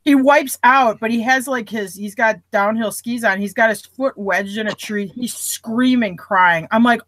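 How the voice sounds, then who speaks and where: Animated woman telling a story. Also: on the high side, unhurried, hardly any pauses, no echo. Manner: animated storyteller acting out reactions. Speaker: podcast co-host. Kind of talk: casual group chat.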